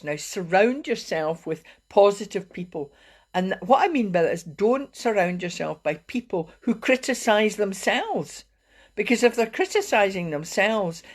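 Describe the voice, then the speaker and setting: Chatty woman giving wellbeing tips. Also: lowish voice. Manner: chatty and rambling, with frequent fillers and laughs. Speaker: wellbeing coach. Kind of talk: casual live-stream talk.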